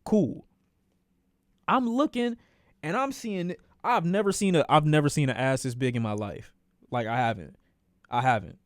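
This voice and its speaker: A man streaming a casual storytime, talking in an animated, profane way and acting out the voices of the people in his story. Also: on the high side, normal speed, long pauses, dry recording, clean studio sound.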